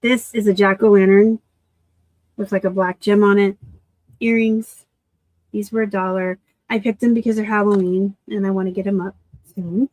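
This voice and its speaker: A woman from Arizona hosting a casual live unboxing of thrift finds, chatty and quick to laugh at herself. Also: medium pitch, flat delivery, darkish tone, no echo. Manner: chatty, laughs easily, self-deprecating asides. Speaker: reseller host.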